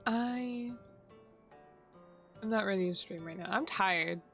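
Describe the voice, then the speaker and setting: A woman's voice: medium pitch, slow pace, fairly bright tone, faint music behind. A woman streaming a game, chatting casually with her viewers and laughing often. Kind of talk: casual gameplay chat.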